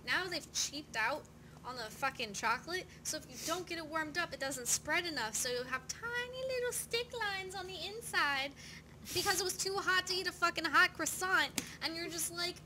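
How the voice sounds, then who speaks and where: A woman's voice: very high voice, lively intonation, moderate pace, background noise. A woman on a comedy podcast speaking bluntly and emphatically, with swearing. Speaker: podcast co-host. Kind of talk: casual comedy podcast chat.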